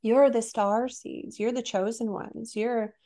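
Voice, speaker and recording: A woman mimicking a grandiose channeled galactic being that flatters its listener, in a slow, mock-solemn tone. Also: fairly high pitch. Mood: flattering.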